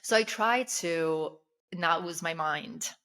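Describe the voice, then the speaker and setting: A woman in her thirties co-hosts a casual podcast chat, her first language Russian. Her voice sits a little low. She talks candidly, often laughing and acting out her own asides. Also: slow, a bit bright. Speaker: podcast co-host.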